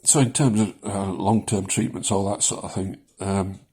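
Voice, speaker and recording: A man in his seventies talking casually in a personal vlog, rambling with many pauses and chuckling at his own jokes, shaky as he speaks. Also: sits low, fairly even intonation, mellow, breathy edge. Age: 70s. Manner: rambling, self-deprecating, chuckles often, many ums. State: shaking. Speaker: vlogger sharing his cancer experience.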